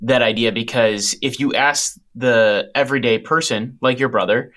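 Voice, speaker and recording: A man's voice: medium pitch, steady tone, normal speed, a bit bright. A man co-hosting a ministry podcast, agreeing and adding thoughts in casual conversation. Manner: affirming listener, short agreements, laughs along. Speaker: podcast co-host.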